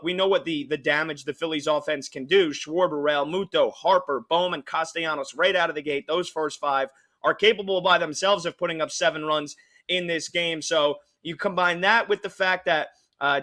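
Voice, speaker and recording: Betting radio guy, bright voice, lots of uhs, walking through his over pick. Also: on the high side. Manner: rambling, with many fillers and restarts. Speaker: sports betting radio host. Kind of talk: casual betting analysis.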